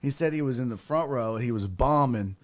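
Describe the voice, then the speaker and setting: A man's voice: mid-range voice, a little fast. A man who hosts a podcast and does stand-up, telling crude stories in casual chat and laughing through them. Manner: animated, profane, laughs through his stories. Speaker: podcast host and stand-up comedian.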